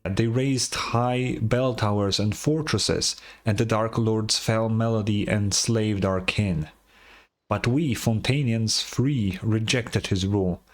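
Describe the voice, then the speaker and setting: A man's voice: lowish voice, takes it slowly. A man voicing a boastful, pompous male rebel leader who tells his tale in grandiose tones. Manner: grandiose storytelling.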